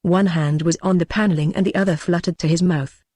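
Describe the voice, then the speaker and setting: A man reading the part of an earnest gentleman who confides his ghost encounter to friends in an audiobook. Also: fairly high pitch, fairly even intonation, fairly quick, dry recording, clean studio sound, close to an everyday voice.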